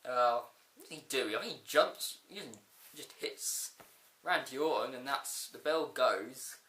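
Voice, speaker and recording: A man giving a rambling, excitable casual video review of a wrestling show. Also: medium pitch, measured pace. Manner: excitable, rambling, with frequent fillers and outbursts. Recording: echoey room.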